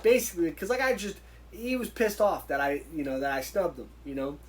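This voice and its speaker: A man, a guest in an interview, telling stories in a casual, animated way and acting out the dialogue he quotes. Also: a little high, fairly quick, rough recording. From United States. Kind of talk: casual storytelling.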